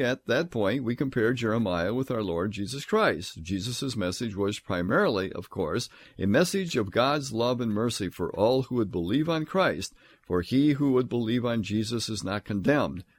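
Earnest low-voiced man teaching Bible. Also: animated, moderate pace, dry recording. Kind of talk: Bible lecture.

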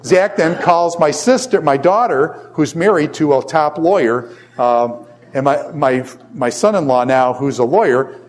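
A middle-aged man, a college professor, telling a personal story in a classroom lecture, rambling and animated with lots of fillers. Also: a little high.

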